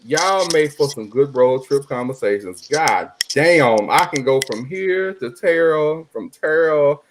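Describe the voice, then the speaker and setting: A man hosting a casual group chat on an online call, loud and joking, swearing freely. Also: fairly high pitch, animated, unhurried, background noise. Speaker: podcast host.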